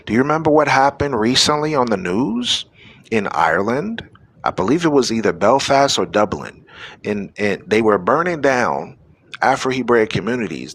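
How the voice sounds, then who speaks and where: A man's voice: medium pitch, a bit bright, slightly rough. A man hosting a live-streamed news show, delivering preachy, exhorting commentary to his audience. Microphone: phone or webcam on a live stream.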